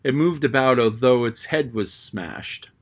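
A man voicing a thoughtful, studious boy who speaks in a measured, matter-of-fact way. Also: mid-range voice, lightly acted.

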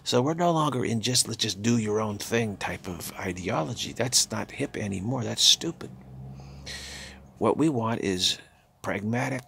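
An older man giving a halting, repetitive spiritual talk, slipping into soft murmured chanted phrases. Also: medium pitch, gravelly, husky. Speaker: spiritual teacher.

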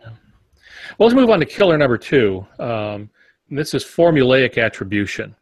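An older man co-hosting a writing podcast, explaining points in a measured, plain-spoken way. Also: mid-range voice, sing-song, no echo. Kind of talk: instructive podcast discussion.

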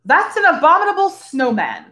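A woman's voice: high-pitched, huge pitch swings, moderate pace, sharp tone, pitched above the performer's own voice, exaggerated voice. A woman voicing a boastful, self-important male explorer in a read-aloud storybook. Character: boastful pompous male explorer, grown man.

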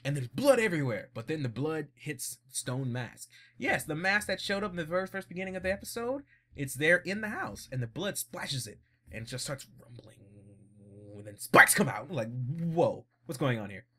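A man giving a casual, blunt episode recap in a vlog, animated and laughing often. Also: on the high side, normal speed. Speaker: vlogger.

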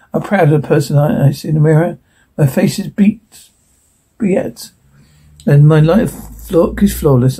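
A man reading a show transcript aloud in one voice, stage directions included, in a flat, stumbling way. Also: on the high side, husky.

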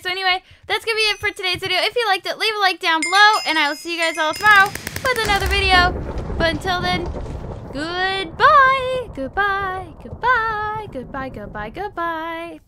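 A young woman hosting a game video, loudly and excitably talking to herself as she builds. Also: very high voice, fast talker, slight background noise. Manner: excitable, loud, talks to herself while building. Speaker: gaming video host. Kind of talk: casual game commentary.

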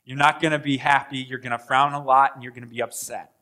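In a church sanctuary, a male pastor preaches an animated sermon, acting out voices and swinging between loud bursts and hushed asides. He has a mid-range voice and talks fast.

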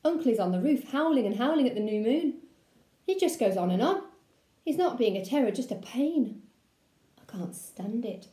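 Woman teacher reading a storybook to pupils, expressive and playful, mellow voice, echoey classroom. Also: on the high side, moderate pace. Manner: expressive read-aloud with childlike letter voice. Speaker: primary school teacher. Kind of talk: reading a children's book aloud.

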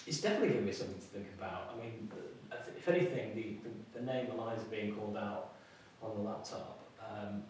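A man who is the skeptic of a ghost-hunting team, speaking hesitantly and in a measured way. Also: fairly low pitch, a little mellow, a little hiss or hum. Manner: hesitant, measured, with fillers and restarts. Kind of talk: reflective casual talk. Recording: echoey, distant location audio.

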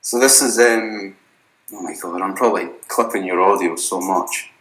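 A young man guests on a podcast, chatting casually in a rambling, laid-back style packed with swearing. His voice is deep and a bit bright at a moderate pace, and the room sounds echoey.

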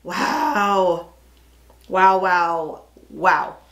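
A woman's voice: lowish voice, sing-song, extremely slow, fairly bright tone, reverberant, poor audio. A woman co-hosting a casual snack-tasting vlog, chatty and giggly, often talking over her partner. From United States. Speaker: vlog co-host.

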